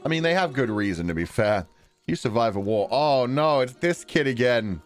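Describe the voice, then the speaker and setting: A man's voice: medium pitch, animated, faint music behind. A man chatting casually and laughing as he plays through a story game. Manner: chatty, giggly, quick to laugh. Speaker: streamer playing a game. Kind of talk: casual gameplay commentary.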